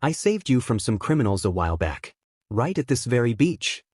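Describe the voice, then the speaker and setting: A man's voice: medium pitch, sing-song, normal speed, darkish tone, husky, no room sound, clean studio sound. A man voicing an impatient young masked vigilante who talks bluntly. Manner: curt, blunt.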